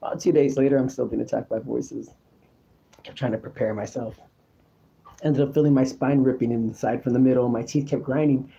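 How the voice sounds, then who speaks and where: Man, show host, very dark mellow tone, repeats himself, confessional, muffled lo-fi sound. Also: mid-range voice, steady tone, fairly quick, vocal fry. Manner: repetitive, restarting, confessional. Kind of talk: rambling personal monologue.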